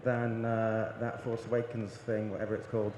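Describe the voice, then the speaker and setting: A man's voice: lowish voice, completely flat delivery, moderate pace, noisy background, voice pushed down, close to an everyday voice. A man playing a helmeted fan with a put-on northern English accent, asking a rambling, mock-dismissive question. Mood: teasing. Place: large convention hall with audience. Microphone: handheld audience mic. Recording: echoey convention hall.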